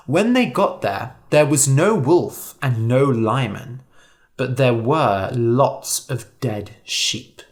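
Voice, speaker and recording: A storyteller reading a fable slowly and clearly for English learners. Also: medium pitch. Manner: slow, clear, expressive reading.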